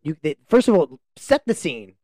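A man's voice: a little high, big pitch swings, normal speed, a little mellow, dry recording. A man co-hosting a casual podcast from a home laundry room, teasing his guests and laughing often, leaning close into a table microphone. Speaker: podcast co-host. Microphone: close table mic, leaning in.

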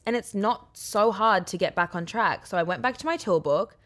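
A woman's voice: mid-range voice, moderate pace, fairly bright tone. A young woman co-hosting a podcast, talking candidly and animatedly in casual chat, often mocking herself. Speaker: podcast co-host.

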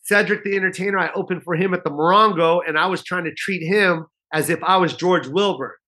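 A man in his forties, a comedian, tells a story with real energy. His voice sits high for a man and sounds bright and forward. He throws himself into the voices of the people in his story and swears freely. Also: fairly quick. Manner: animated storyteller, acts out quoted voices, swears, laughs often. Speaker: stand-up comedian guest. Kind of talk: casual storytelling interview.

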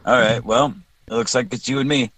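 A man's voice: mid-range voice, fairly even intonation, brisk, a bit bright, no room sound, rough recording. A man from South Texas, a guest on a casual podcast call, chatty and joking, often restarting his sentences.

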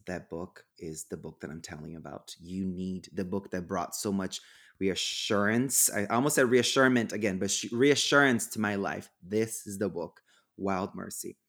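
A man hosts a spiritual podcast in an effusive, heartfelt way. His voice sits somewhat low, and he often stumbles and restarts his sentences. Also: fairly bright tone. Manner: effusive, earnest, halting with restarts. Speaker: podcast host. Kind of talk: warm spiritual podcast chat.

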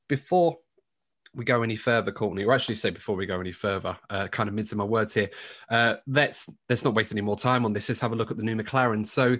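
A man co-hosting a podcast, chatting casually with many asides and restarts. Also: medium pitch. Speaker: podcast co-host.

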